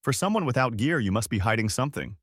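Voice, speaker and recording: A man putting on a smirking young female assassin, sly and sure of herself, teasing as she speaks. The recording is close and dry. Her pitch rises and dips playfully. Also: very animated, fast, fairly bright tone, husky, no echo.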